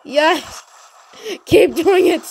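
A high-pitched woman narrates her gameplay in bursts of energy, cheering on her teammate and yelling whenever things heat up. A faint hum of background noise sits under her voice. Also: extremely slow. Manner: energetic, shouts encouragement and cheers. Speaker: gaming channel host. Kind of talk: excited gameplay commentary.

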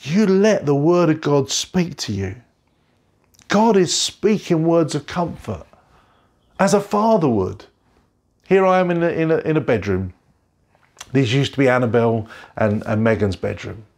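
A man's voice: a little high, lively intonation, unhurried, pauses often, a little mellow. A middle-aged man preaching an online sermon from a bedroom at home, earnest and repeating phrases for emphasis. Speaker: pastor.

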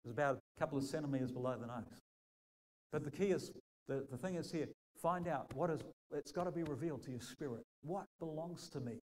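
Lively storytelling preacher man. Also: fairly high pitch, fairly quick, slight background noise, rough recording. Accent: New Zealand. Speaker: pastor. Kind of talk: sermon.

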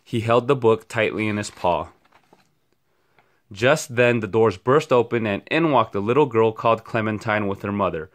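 A man reading a picture book aloud for children at a steady, expressive pace. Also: fairly low pitch, normal speed. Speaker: storyteller. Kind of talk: children's read-aloud storytime.

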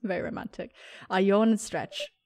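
A woman's voice: mid-range voice, normal speed, gravelly, darkish tone. A young woman giving casual, gushing commentary on a video game she plays, bubbly and often giggling. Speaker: let's play gamer.

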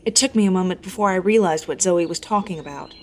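A woman's voice: fairly low pitch, quick pace, darkish tone, soft background music. Woman narrating a horror story. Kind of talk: scripted first-person horror narration.

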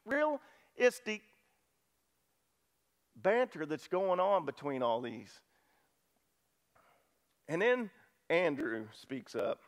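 Animated high-voiced male preacher. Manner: animated storytelling, acting out disciples' lines, swings loud to hushed. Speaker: pastor. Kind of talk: sermon.

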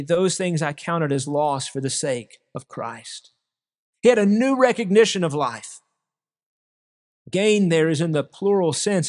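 A man's voice: high voice, long reverb tail. A man preaching an earnest sermon to his congregation, calling them brothers and sisters. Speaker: pastor. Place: church sanctuary.

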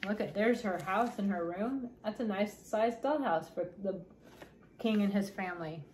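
A woman's voice: mid-range voice, normal speed, a little hiss or hum. A mother reading a storybook aloud. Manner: gentle, pointing out pictures. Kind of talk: children's book read-aloud.

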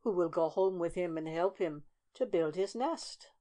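A woman voicing a kindly, practical queen who speaks calmly and matter-of-factly. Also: lowish voice, measured pace, lightly acted. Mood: pleased.

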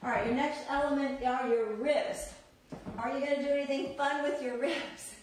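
A woman's voice: sits high, fairly even intonation, normal speed, very echoey, recorded from a distance, slight background noise, low-quality recording. A woman teaching a belly dance class, chatty and upbeat, laughing often. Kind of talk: live online dance class.

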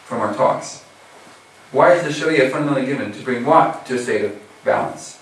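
A man's voice: medium pitch, brisk, fairly bright tone, slight background noise. Casual American male preacher, recorded far off in a very echoey hall. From USA. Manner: casual, chatty, heavy use of filler phrases. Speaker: Muslim preacher. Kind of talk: sermon.

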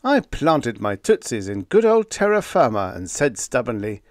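Male audiobook narrator, animated wisecracking delivery, close dry recording. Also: medium pitch, normal speed, few pauses, dry recording. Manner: wisecracking first-person storyteller. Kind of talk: scripted narration of a humorous pulp story.

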